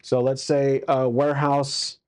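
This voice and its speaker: A man's voice: medium pitch, little pitch movement, measured pace, a little mellow, clear, resonant tone. A man casually narrating a solo tabletop game as its game master, with crude jokes and many fillers.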